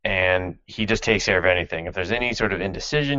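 A podcast host recaps an anime in a casual, sardonic chat, swearing freely and laughing often. His voice is low, fast, pushed and bright, with lo-fi sound.

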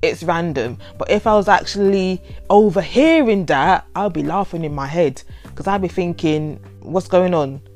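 A woman, casually reading out and reacting to overheard quotes, animated and given to laughing and playful drama. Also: on the low side, moderate pace, faint music behind. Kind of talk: casual chatty commentary.

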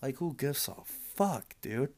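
A man's voice: medium pitch, lively intonation, slow, a little mellow. A man hosting a podcast, ranting casually in a sarcastic, exasperated way and swearing freely. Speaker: podcast host.

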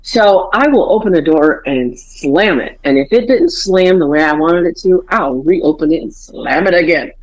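Lively, swearing woman in her forties. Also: fairly low pitch, moderate pace, hardly any pauses, dull audio. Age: 40s. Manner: animated storytelling, acts out family quotes, swears freely. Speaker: podcast co-host. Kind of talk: casual chat.

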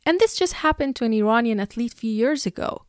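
A woman's voice: fairly high pitch, expressive, fast talker, dry recording. Young woman from iran, vlogger, heated and emotional, close dry sound. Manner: emotional, exasperated, with sighs and laughs. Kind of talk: personal opinion monologue.

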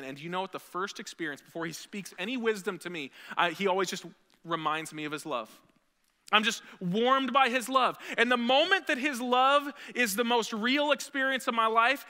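A male pastor preaches in a church with a long, ringing hall reverb. His voice is strikingly bright and a touch high for a man. He talks earnestly and swells into loud, emphatic peaks. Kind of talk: sermon. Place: church sanctuary.

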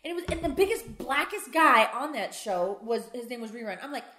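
A woman in her thirties chatting as a guest, bouncing from story to story with quick jokes. Her voice sits a little high and she talks very fast. The room around her sounds echoey. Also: faint music behind. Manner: animated storytelling, quick joking. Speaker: podcast guest. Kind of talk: casual chat. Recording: roomy studio sound.

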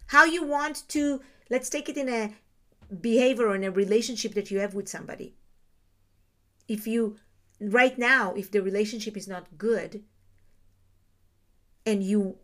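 A woman's voice: medium pitch, steady tone, moderate pace, pauses often. A woman giving a reflective teaching talk on Jewish ideas, explaining terms and asking her listeners rhetorical questions.

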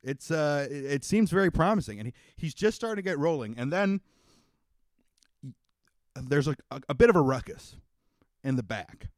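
A man's voice: on the high side, lively intonation, normal speed, long pauses, dry recording. Dry, close-miked man narrating as game master. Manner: loose, rambling narration full of fillers. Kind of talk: narrating a tabletop role-playing game.

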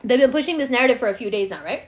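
High-pitched woman going off on a sweary rant, swings all over the place. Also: animated, racing. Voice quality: profane, heated, sarcastic. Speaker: commentator. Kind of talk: angry political rant to camera.

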